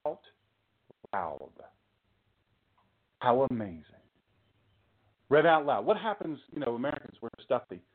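A man's voice: on the high side, narrow, tinny audio. Guy preaching casual sermon, jokey asides, voice jumps all over, sounds like it's coming through a phone. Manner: chatty, joking asides, rhetorical questions. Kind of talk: informal sermon talk.

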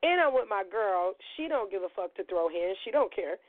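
A middle-aged woman hosting a podcast, telling a story in a loud, profane, animated way and acting out the quotes, her voice a little gravelly as it recovers. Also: medium pitch, moderate pace, dry recording. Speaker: podcast host. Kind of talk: storytelling monologue. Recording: tinny phone-like line.

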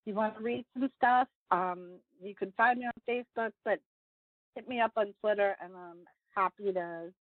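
A woman's voice: medium pitch, moderate pace, no echo. A woman pastor and writer, a guest in a casual interview, talking in an earnest, rambling way with many fillers and restarts. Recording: phone-like line, dry.

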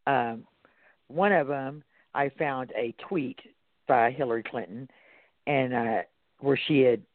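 A man with a Texas accent, hosting a talk radio show in a loose, casual way, stopping to read out articles and then weigh in on them. His voice sits at an ordinary middle pitch. It comes through a narrow, phone-like line that sounds dry and close. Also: takes it slowly, no echo. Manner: reads articles aloud and comments. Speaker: radio host.

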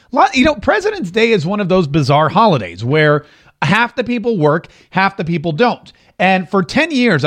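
Hosting his own live-stream show, this man chats loosely with viewers, wandering off topic and frequently starting sentences over. His voice is a little high and a bit bright.

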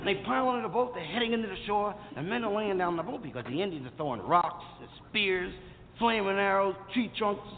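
High, lively male comic storyteller. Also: brisk, vocal fry. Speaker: comedian. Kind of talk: storytelling comedy routine. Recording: tinny, hissy, reverberant comedy record.

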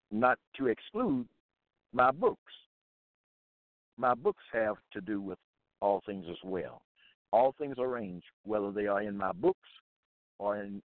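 A man teaching scripture in a deliberate way, reading out verses and repeating set phrases. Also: mid-range voice, dry recording. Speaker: religious teacher. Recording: tinny phone-like line, dry.

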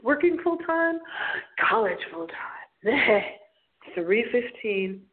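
A woman hosts a late-night radio show in a theatrical, giggly, storytelling way. Her pitch swoops up and down as she talks. The sound is thin and tinny, as over a phone line. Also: big pitch swings, takes it slowly.

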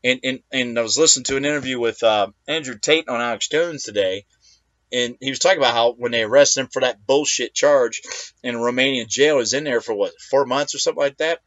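A man's voice: mid-range voice, fast, a bit bright, dry recording, muffled recording. Profane ranting male talk show host. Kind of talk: solo political talk show monologue.

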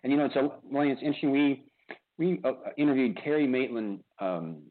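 A man's voice: medium pitch, expressive, fairly quick. A man hosting a radio interview show, talking casually and animatedly, with lots of restarts and repeated words. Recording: tinny phone-like line.

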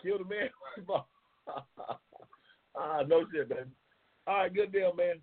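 Over a tinny, phone-like line, a man with a high, husky voice speaks slowly. He hosts a casual live-stream talk show, rambling in a loose, slangy way and repeating his phrases.

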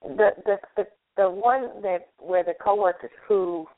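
A woman's voice: mid-range voice, unhurried. A woman co-hosting a casual call-in talk show, telling workplace stories and acting out what coworkers say. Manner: storytelling, acts out coworkers' lines. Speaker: co-host. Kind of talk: casual chat. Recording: tinny phone-line call-in audio.

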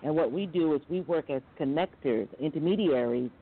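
A middle-aged woman from Long Island, a talk show guest telling her story in a candid, animated way. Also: brisk, husky. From Long Island, New York. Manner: animated, candid, jumps into high quoted voices. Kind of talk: casual interview storytelling. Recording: tinny phone-like call audio.

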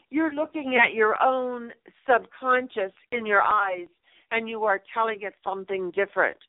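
A middle-aged woman, a radio show host and numerologist, gives inspirational advice on air in a slightly high voice. She speaks with emphasis, repeats her key phrases, and addresses her listeners warmly. The sound is dry and comes through a narrow, phone-like line.

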